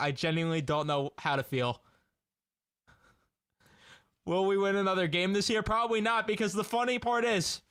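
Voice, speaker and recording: A man's voice: sits high, sharp tone. A young man ranting in a casual fan reaction video, exasperated and laughing in disbelief.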